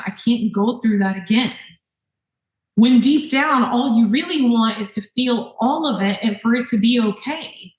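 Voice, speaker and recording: A woman's voice: fairly high pitch, echoey room, poor audio. A young woman hosting her show, talking earnestly and emotionally in a reassuring way while she cooks in her kitchen. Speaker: host. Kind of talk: heartfelt podcast monologue while cooking.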